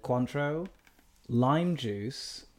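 A man's voice: medium pitch, expressive, very slow, a little mellow. Chatty guy hosting, voice goes up and down a lot, laughs easy. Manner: chatty, laughs often, hedging asides. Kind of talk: casual chat.

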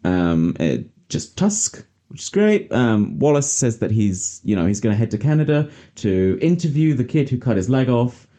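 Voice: medium pitch, lively intonation, normal speed, hardly any pauses, warm tone. A podcast host in casual chat, chatty and sarcastic, often laughing.

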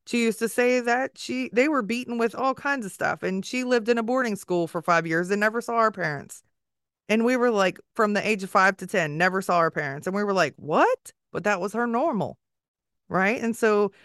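A tearful woman host speaks in a smooth, clear voice in a dry, close-sounding space. She rambles emotionally, leaning on fillers as she talks. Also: medium pitch, normal speed, fairly bright tone, no room sound. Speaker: podcast host. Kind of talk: casual conversation.

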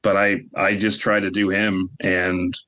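A man on a podcast, speaking haltingly as he searches for words in casual chat. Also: sits low, level tone, bright, forceful tone. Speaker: podcast co-host and voice actor.

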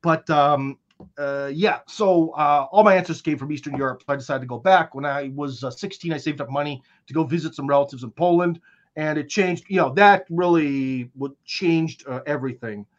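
Brief: American male guest, higher-than-average voice, rambling slang-heavy storyteller, muffled lo-fi capture. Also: moderate pace. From United States. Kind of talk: casual conversational storytelling.

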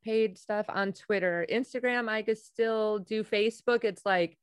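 A woman's voice: mid-range voice, unhurried, clean tone, no room sound, studio quality. A woman comedian chatting casually on a podcast, swearing freely and laughing through her stories. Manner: crude, laughing, lively storyteller. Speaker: comedian guest.

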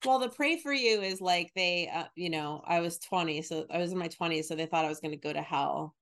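A woman in her thirties from the northern United States, co-hosting a casual chat, animated and acting out quotes in exaggerated voices. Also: on the low side, fairly quick. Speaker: podcast co-host.

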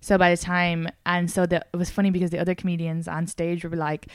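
A woman, hosting a casual podcast chat and telling stories with lively acted-out quotes. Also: fast talker, smooth, dry recording, studio quality. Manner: animated storyteller, acts out quotes in high voices. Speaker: podcast host.

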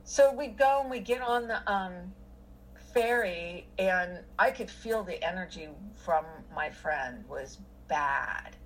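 A woman's voice: fairly low pitch, animated, takes it slowly, a little hiss or hum, rough recording. A middle-aged woman telling a personal story in casual conversation, rambling with many fillers and restarts.

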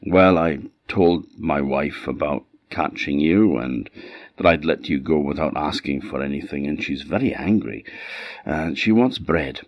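A man's voice: extremely low pitch, a little slow, no room sound, clean studio sound. A man with an Orkney accent voicing a meek, timid old fisherman who hesitates and stammers. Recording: dull lo-fi sound.

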